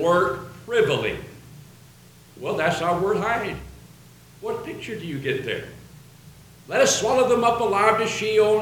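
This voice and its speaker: In a very echoey room with slight background noise, a man with a high-sitting voice preaches a sermon. He earnestly reads and quotes scripture aloud.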